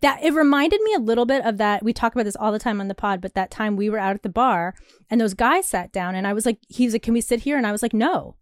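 A woman's voice: mid-range voice, fast talker, no echo, clean studio sound. A woman co-hosting a podcast, telling a story casually, laughing often and acting out what people said. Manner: animated storytelling, laughs often, acts out quotes. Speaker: podcast co-host. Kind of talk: casual chat. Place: Brooklyn apartment.

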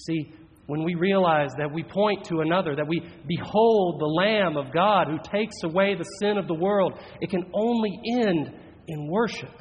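A man preaching a sermon in an earnest, measured way, slowing down for emphatic phrases. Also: high voice, husky. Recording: dull audio with long reverb in a large hall.

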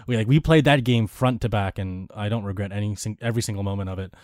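A man's voice: fairly low pitch, fast, a little mellow, dry recording. A young man on a podcast, chatting casually about games and rambling with restarts and fillers. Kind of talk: casual gaming chat.

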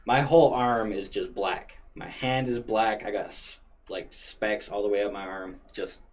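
A man casually retelling a story in a profane, animated way. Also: fairly low pitch, unhurried, a little hiss or hum. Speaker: storyteller guest.

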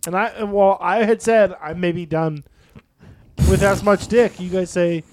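A woman's voice: fairly low pitch, fairly even intonation, a little slow, darkish tone, slight background noise. A woman co-hosting a podcast, bantering crudely, laughing and swearing bluntly as she comments on a video chat. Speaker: podcast co-host.

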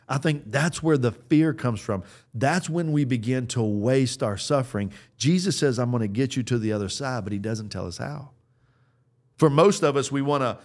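A man in his thirties delivers a sermon in an earnest, conversational way. His voice sits at an ordinary middle pitch. He often circles back and restarts phrases as he builds toward a point. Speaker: pastor.

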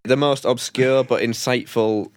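A man's voice: mid-range voice, steady tone, unhurried, over music. A man hosting a quiz segment on a casual podcast, bantering, laughing and swearing with friends. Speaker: quiz host.

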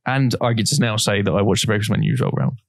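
A man's voice: lowish voice, steady tone, quick pace, vocal fry, dry recording, studio quality. A young man co-hosting a podcast, telling a long story in a rambling, casual way with plenty of swearing. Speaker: podcast co-host. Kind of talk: casual chat.

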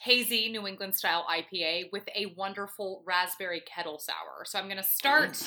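A woman's voice: mid-range voice, normal speed, pushed and bright. A woman from Georgia with a light Southern accent, chatting enthusiastically as a podcast guest over a remote call. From Atlanta, Georgia. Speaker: guest, brewery events coordinator. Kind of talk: casual podcast chat.

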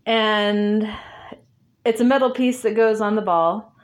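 A woman's voice: medium pitch, fairly even intonation, slow. A woman guest in an interview, telling a story casually, laughing often and acting out bits of dialogue.

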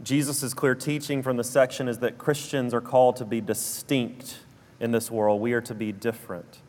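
Preaching a sermon in a South Alabama drawl, a pastor speaks earnestly and steadily at mid pitch and normal speed. He returns to key phrases for emphasis. The large church sanctuary gives his voice a long reverb.

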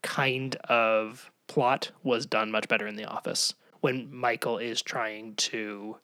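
A man's voice: lowish voice, steady tone, slow, bright, forceful tone, no room sound. A man co-hosting a podcast, recapping a sitcom episode in a wry, analytical, hedging way. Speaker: podcast co-host. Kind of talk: casual episode recap chat.

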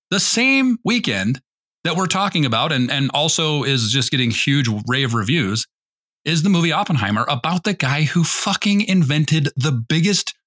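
A man's voice: medium pitch, sharp tone. Man ranting on a podcast. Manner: heated ranting, swearing, mocking. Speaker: podcast co-host. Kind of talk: casual podcast chat.

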